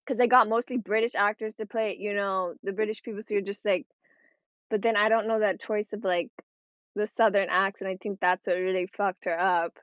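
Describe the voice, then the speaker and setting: A woman's voice: medium pitch, fairly even intonation, fairly quick, a bit bright, no echo. A woman co-hosting a podcast in casual chat, rambling and swearing, laughing often as she talks. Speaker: podcast co-host. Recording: dry, dull lo-fi sound.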